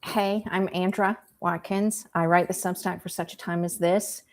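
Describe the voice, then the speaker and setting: A woman's voice: fairly low pitch, steady tone, normal speed. A woman in her fifties from rural South Carolina with a Southern accent, a guest speaking frankly with dry humor. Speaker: guest, writer. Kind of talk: casual interview chat.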